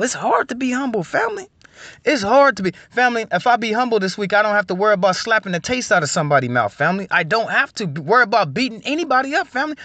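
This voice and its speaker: A man giving a preachy motivational blessing talk, repeating "family" over and over and swinging between loud and soft. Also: sits high, no echo. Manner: repetitive, calls listeners "family" constantly, swings loud and soft. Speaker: online inspirational speaker.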